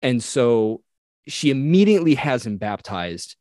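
A man in the middle of a lively retelling on a podcast, jumping into little voices for the characters as he goes. His pitch sits mid-range and the sound is close and dry, with no room around it. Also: unhurried, no echo. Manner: animated retelling, acting out quoted characters. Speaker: podcast co-host. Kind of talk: casual storytelling chat.

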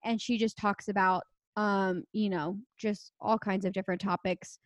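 A woman's voice: medium pitch, steady tone, moderate pace, dry recording. A young woman co-hosting a podcast, talking in a casual, earnest way with lots of fillers. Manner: earnest, chatty, many fillers. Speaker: podcast co-host. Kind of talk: casual chat.

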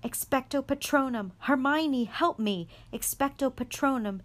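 A woman voicing a desperate teenage boy wizard, yelling and pleading. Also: sits high, a little slow, voice pushed up.

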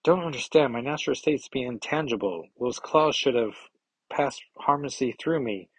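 A man's voice: medium pitch, normal speed, husky, dry recording, pitched above the performer's own voice, close to an everyday voice. A man voicing a frightened young superheroine, speaking in a raised, alarmed voice.

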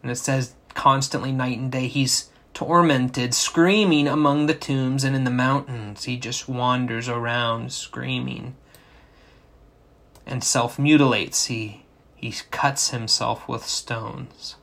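A man's voice: mid-range voice, fairly even intonation, takes it slowly, gravelly, fairly bright tone. A man preaching a sermon, explaining a scripture passage and asking rhetorical questions. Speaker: pastor.

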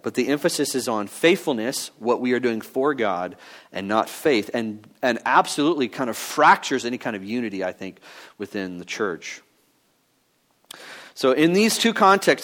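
A man preaching a sermon in a conversational teaching style, pausing with fillers and restarts as he works through his points. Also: mid-range voice, a bit bright. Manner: mock-voices other views in quoted asides. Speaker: pastor.

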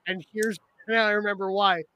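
A young man co-hosting a casual podcast, rambling and animated, often breaking into laughter. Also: sits high, moderate pace. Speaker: podcast co-host. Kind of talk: casual chat about an anime.

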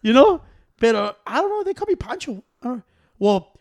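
A man chats casually with friends. He tells animated, profane stories and drops Spanish words in as he goes. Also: very high-pitched, brisk, vocal fry. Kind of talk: casual chat.

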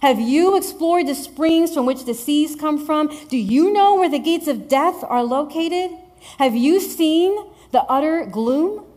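A stern, sassy God figure who fires one pointed question after another, as a woman preacher puts him on. The voice sits a little high and keeps pressing for answers. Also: animated, measured pace, a little mellow. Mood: commanding. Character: God, a stern, challenging male voice.

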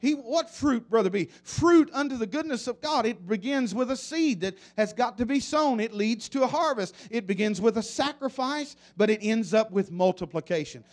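A man's voice: extremely high pitch, expressive, normal speed, few pauses. A man preaching a sermon in church, leading the congregation in repeated call-and-response refrains.

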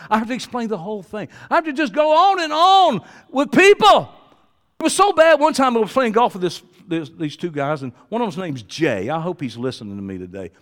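An older preacher tells stories from the pulpit, dropping to quiet asides and then rising to loud shouts. His voice sits a little high for a man. It carries a long reverb, as if recorded in a big church hall. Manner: storytelling, swings from low asides to loud shouting. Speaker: pastor. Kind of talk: sermon.

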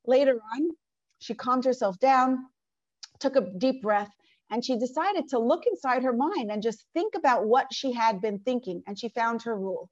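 A woman's voice: on the high side, normal speed, dry recording, lo-fi sound. A woman teaching a class from a workbook, earnest and conversational, with lots of rhetorical questions. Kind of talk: lecture from a workbook.

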